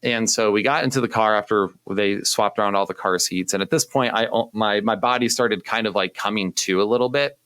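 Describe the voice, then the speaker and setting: Lively young man telling a story. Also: fairly low pitch, fairly quick, few pauses, clear, resonant tone, no echo. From Indiana, US. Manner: animated, self-deprecating, acts out quotes. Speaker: youth pastor, podcast co-host. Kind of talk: casual storytelling.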